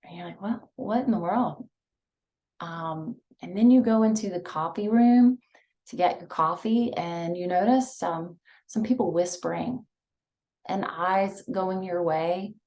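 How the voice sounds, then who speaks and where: A woman leading a guided breathing and visualization exercise, talking softly and soothingly with many pauses. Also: lowish voice. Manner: slow, soft, soothing guidance with many pauses. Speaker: mindfulness instructor.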